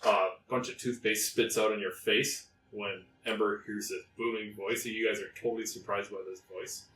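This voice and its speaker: A man narrating a tabletop game as game master, relaxed, with fillers. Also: fairly low pitch, moderate pace, slight background noise. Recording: roomy room, faint music.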